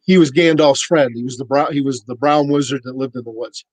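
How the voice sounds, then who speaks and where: A man on a podcast telling a casual, animated story and acting out the voices of the people in it. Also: mid-range voice, fairly quick, dry recording, rough recording. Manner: animated anecdote-teller, acts out quoted voices. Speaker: podcast cohost.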